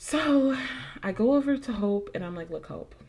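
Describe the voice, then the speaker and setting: A woman's voice: a little high, expressive, moderate pace, a little mellow, breathy edge. A young adult woman hosting a podcast, telling a personal story in a casual, chatty way, swearing freely and using lots of fillers. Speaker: podcast host.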